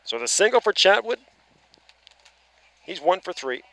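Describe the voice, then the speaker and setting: A man's voice: sits high, big pitch swings, unhurried, pushed and bright, dry recording. A man with an Atlantic Canadian accent calling a baseball game live, chatty and self-deprecating between plays. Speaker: play-by-play commentator. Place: outdoor ballpark broadcast booth.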